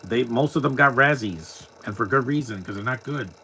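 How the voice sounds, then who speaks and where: A man's voice: medium pitch, normal speed, bright, forceful tone, a little hiss or hum. A man talking casually through a live movie commentary, tossing out blunt, opinionated asides.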